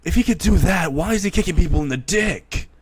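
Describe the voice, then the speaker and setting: A man's voice: high voice, lively intonation, brisk, breathy edge, no echo, pitched above the performer's own voice. Man doing a cranky, bossy park manager. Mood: scolding. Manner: shouty, scolding.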